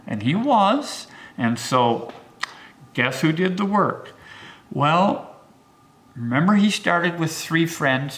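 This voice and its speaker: Telling tales of the pioneers, an elderly local historian brings them to life, his voice sweeping up and down to stress key points.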